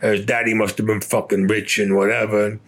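A man's voice: fairly low pitch, little pitch movement, normal speed, fairly bright tone. An older man, a war veteran, telling a story in an interview in a blunt, profane way, cursing constantly.

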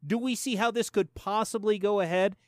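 A man's voice: high-pitched, brisk, no room sound, studio quality. A man in his forties hosting a profane, sarcastic commentary show, ranting with lots of swearing. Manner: animated, sarcastic, swears a lot. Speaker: show host.

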